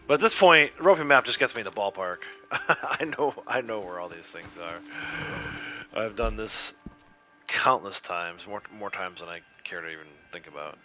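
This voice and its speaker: A man's voice: lowish voice, expressive, a little slow, pushed and bright. A man with a Connecticut accent chatting casually and rambling easily as he streams a game. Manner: laid-back, rambling, chuckling. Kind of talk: casual chat while streaming gameplay.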